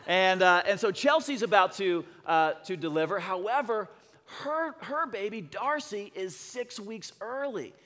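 A man preaching a sermon, telling a story in an excitable, rambling way with many restarts. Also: high voice, measured pace. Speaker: pastor. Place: church sanctuary. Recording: long church hall reverb.

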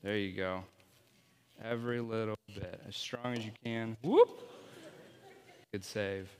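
A man's voice: lowish voice, fairly even intonation, a little slow, clear, resonant tone. Playful man preaching in a reverberant hall. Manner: playful, coaching volunteers on stage. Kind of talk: object-lesson sermon with volunteers.

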